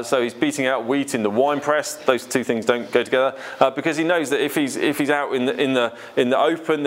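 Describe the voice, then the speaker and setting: A man preaching to his congregation in a relaxed, conversational way. He talks earnestly and keeps asking his listeners questions. His pitch sits in an ordinary middle range for a man. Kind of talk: sermon.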